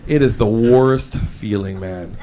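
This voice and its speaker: A male stand-up comedian telling stories in an animated, hyper way, bursting into shouts as he acts out scenes, recorded live with an audience laughing. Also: on the low side, slow. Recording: live show with crowd laughter.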